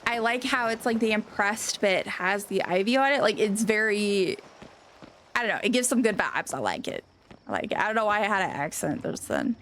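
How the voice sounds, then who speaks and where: A woman game streamer chatting casually on a live stream, gushing and excitable, rambling with lots of restarts. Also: mid-range voice, moderate pace, a little hiss or hum.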